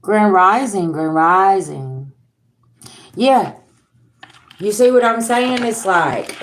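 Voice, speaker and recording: A woman's voice: mid-range voice, animated, slow pace, long pauses, reverberant, a little hiss or hum. A woman, hosting a casual tarot livestream and talking bluntly to viewers, swearing freely and with sass. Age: 40s. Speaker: tarot reader and livestream host.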